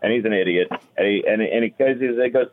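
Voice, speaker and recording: A man's voice: on the low side, brisk. A man telling dad jokes in a casual comedy podcast chat, jokey and self-deprecating, often trailing off mid-sentence. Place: golf course. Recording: tinny phone-like sound.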